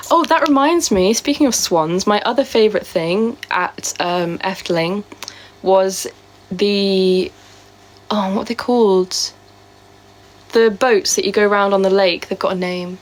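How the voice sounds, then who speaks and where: Woman, casual live streamer, sore throat, chatty and rambling, mid-pitched. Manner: chatty and rambling, with many fillers. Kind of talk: casual live-stream chat answering viewer comments.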